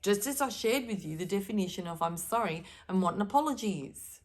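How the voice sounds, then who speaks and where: A woman's voice: medium pitch, expressive, fairly quick. A woman speaking directly to camera as a spiritual card reader, giving earnest, emphatic advice.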